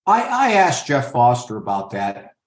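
A man's voice: mid-range voice, wildly swooping pitch, measured pace. Older man telling stories, roomy echo. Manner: storyteller who acts out others' lines. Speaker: scout. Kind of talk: anecdotal interview answers.

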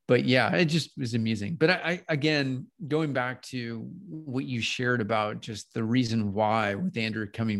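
A man's voice: mid-range voice, creaky. A man hosting a conversational interview, telling stories in a chatty way and asking his guest questions. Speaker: podcast host.

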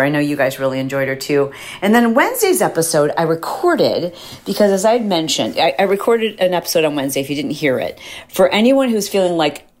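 A middle-aged woman hosting a podcast, chatting casually and animatedly, now and then acting out quoted voices. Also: low voice. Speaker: podcast host. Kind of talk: casual solo podcast chat.

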